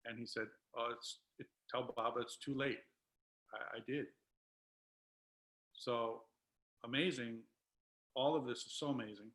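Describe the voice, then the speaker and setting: A man's voice: mid-range voice, fairly even intonation, a little slow, pauses often, fairly bright tone, poor audio. A man speaking as a guest on a video call, telling a spiritual story with emotion. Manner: emotional, tearful at times.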